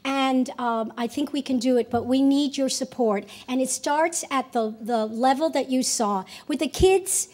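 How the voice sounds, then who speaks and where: An older woman from the United States gives a convention keynote speech, earnest and animated, often restarting her phrases and acting out quoted lines. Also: high voice, a little slow, few pauses. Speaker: keynote speaker. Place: convention hall.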